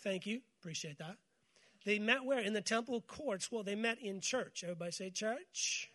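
A man with a high, light voice preaches a morning sermon. He keeps calling on the congregation to repeat his words back to him, and he mixes scripture with joking stories. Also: moderate pace, fairly bright tone. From United States. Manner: call-and-response with congregation, storytelling with humor. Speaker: pastor.

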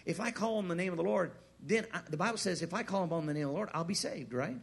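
A man preaching a sermon, asking the crowd questions, repeating his words and swinging from hushed to loud. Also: high voice, fast talker, creaky, breathy edge. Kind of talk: sermon with a personal story.

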